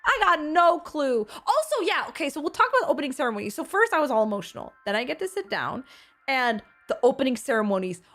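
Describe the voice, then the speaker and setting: A woman's voice: sits high, sing-song, quick pace, fairly bright tone. A woman streamer chatting casually with her viewers, bubbly and effusive, reacting to chat as she tells stories. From Seattle area.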